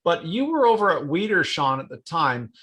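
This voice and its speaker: A man's voice: fairly high pitch, sing-song, normal speed, pushed and bright, slightly rough. A man hosting an interview in a loose, casual way, leaning on fillers as he introduces guests and topics. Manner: loose, hesitant, many fillers. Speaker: host.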